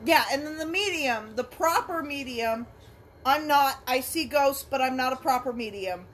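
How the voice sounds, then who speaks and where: A woman's voice: sits high, lively intonation, moderate pace, fairly bright tone, slight background noise. A woman co-hosting a film reaction podcast, talking bluntly and swearing freely in casual chat.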